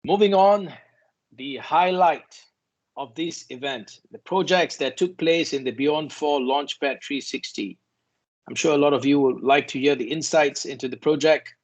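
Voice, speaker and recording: A man from Malaysia hosts a virtual event and introduces the speakers in a formal, announcing way. His voice sits slightly high, and a few fillers break up his lines. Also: poor audio. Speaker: event host.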